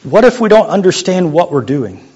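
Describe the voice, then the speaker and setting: A young adult man preaching a sermon as a youth pastor, in a conversational, joking way that sometimes drops to a quiet voice. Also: sits high, very animated, normal speed, breathy edge. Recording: muffled lo-fi sound.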